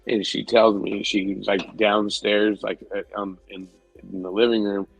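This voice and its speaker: A man's voice: lowish voice, level tone, moderate pace, gravelly, husky, no echo, soft background music, poor audio. A man co-hosting a podcast, telling a story in casual, rambling chat, swearing freely and laughing often. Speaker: podcast co-host.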